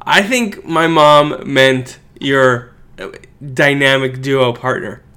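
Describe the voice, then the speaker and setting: A man's voice: mid-range voice, slow pace, sharp tone, smooth. A man co-hosting a casual sports podcast from his home, teasing his partner and laughing often into a shared microphone. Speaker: podcast co-host. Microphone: shared studio microphone.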